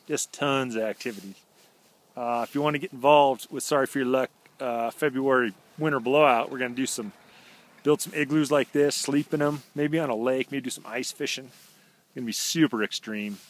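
A man hosts a rambling walk-around video diary, laid-back, slangy and deadpan, with plenty of fillers and a medium-pitched voice. It was shot outdoors in snowy woods on a handheld camera.

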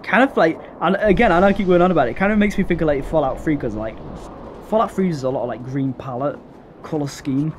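A young man giving casual let's-play commentary, chatty and slangy with excitable bursts. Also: fairly high pitch, fast talker, slight background noise. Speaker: gameplay commentator.

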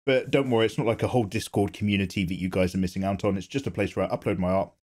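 A man's voice: low-pitched, fairly even intonation, racing, a little mellow. A man hosting his own art channel, reading viewer comments in casual chat while drawing, playful and self-mocking. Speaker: artist and channel host.

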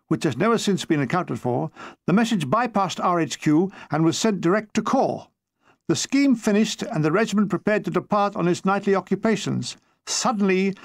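An older man from England reading his own war memoir aloud, with dry comic timing and quick jumps into put-on voices. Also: sits high, dry recording.

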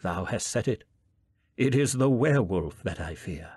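A man's voice: on the low side, lively intonation, normal speed, a little mellow, breathy edge, dry recording, clean studio sound. A man voicing a fearful young huntsman, earnest and pleading in archaic speech. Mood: grave.

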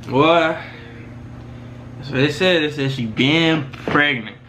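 Guy doing a casual commentary vid, bright forceful voice, keeps saying you know what i'm saying, faint hiss behind. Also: on the high side, slow pace. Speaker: commentary channel host.

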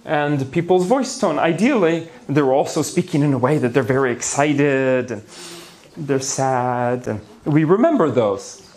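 A faint hiss or hum accompanies a man's slightly high, slightly mellow voice. As a neuroscience lecturer at a conference, he talks about the brain to an audience in the hall, playful and theatrical, with gasps, asides and small jokes.

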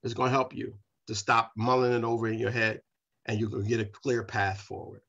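A man's voice: mid-range voice, level tone, brisk, gravelly, a bit bright, highs cut off. A pastor leading a Bible study, preaching in a repetitive style straight to his congregation. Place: church.

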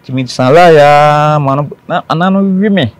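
A man's voice: fairly high pitch, normal speed. Earnest Ghanaian man recounting an ordeal. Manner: earnest, repeats phrases for emphasis. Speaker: interview guest. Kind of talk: telling a personal story.

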